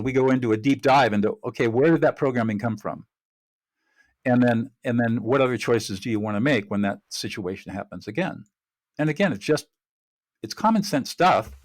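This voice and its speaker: Man, podcast guest, earnest explainer, middle pitch, dry close sound. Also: fairly quick, no echo. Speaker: guest, mediator and trainer. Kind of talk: podcast interview.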